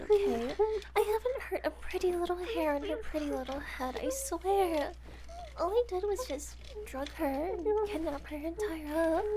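A young woman voicing a cheerful, unhinged kidnapper who giggles, teases and keeps reassuring her guest. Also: sits high. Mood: dismissive. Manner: giggly, teasing, falsely reassuring. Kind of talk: amateur audio role-play.

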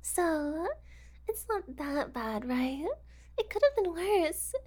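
A woman's voice: sits high, animated, takes it slowly, a little mellow. A young woman voicing a cheerful, unhinged kidnapper who giggles, teases and keeps reassuring her guest. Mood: dismissive. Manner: giggly, teasing, falsely reassuring. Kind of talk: amateur audio role-play.

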